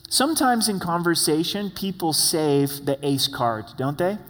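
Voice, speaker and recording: A man's voice: fairly high pitch, sing-song, unhurried. A man preaching an expository sermon in a casual, conversational way, with asides and repeated words. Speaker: pastor. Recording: long hall reverb.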